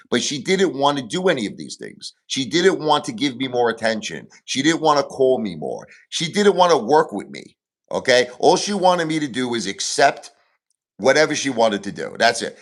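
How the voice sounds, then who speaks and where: A man's voice: mid-range voice, sing-song, normal speed. A man hosting a livestream, venting in an agitated, repetitive rant. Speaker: livestream host.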